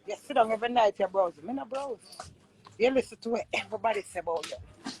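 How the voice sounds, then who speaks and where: A woman's voice: a little high, lively intonation, quick pace, darkish tone, poor audio. A young Jamaican woman vlogger ranting in an angry, accusing way, swearing often. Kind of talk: heated rant.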